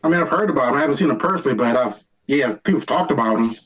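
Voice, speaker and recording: A man's voice: medium pitch, lively intonation, racing, fairly bright tone. Man on a video call with muffled lo-fi audio, short, hesitant answers. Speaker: audience member on a call. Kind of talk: casual chat on a video call.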